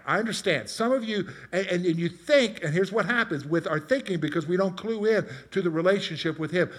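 A man's voice: high-pitched, brisk, hardly any pauses. A middle-aged man preaching a conversational sermon, asking his congregation questions and telling personal stories. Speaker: pastor.

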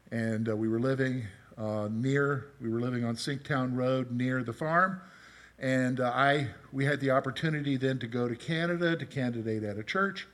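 A middle-aged man preaching a conversational sermon, asking his congregation questions and telling personal stories. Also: mid-range voice. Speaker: pastor.

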